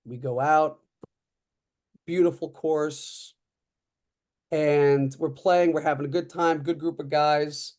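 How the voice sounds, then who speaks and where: Man, 30s, podcast guest; fairly high, mellow voice, animated storyteller who acts out dialogue. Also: slow, pauses often. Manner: frequent fillers like "uh" and "like". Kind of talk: casual storytelling.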